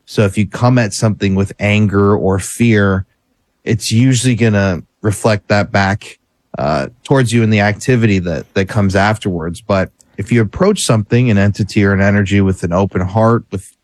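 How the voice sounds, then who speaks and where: A man guesting on a radio show about hauntings, explaining his advice in an earnest, gentle, reassuring way with light laughs. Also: fairly low pitch, normal speed, no room sound. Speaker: paranormal guest. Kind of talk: radio interview.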